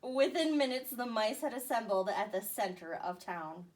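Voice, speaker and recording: A woman teacher reading a picture book aloud to young children with expressive storytelling. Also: on the high side, moderate pace. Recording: voice a bit far from the mic.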